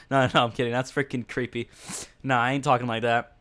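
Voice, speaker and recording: A man with a smooth, clear voice hosts a casual livestream podcast. He rambles on with lots of fillers and speaks in a blunt, mocking tone, addressing his viewers directly. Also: mid-range voice, flat delivery, quick pace, a bit bright.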